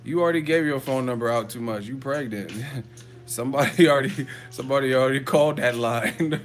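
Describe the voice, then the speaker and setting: A man's voice: mid-range voice, brisk, faint music behind. A man hosting a boxing live chat from a hotel room, telling profane, joking stories. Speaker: boxing YouTuber host. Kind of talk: live-chat vlog storytelling.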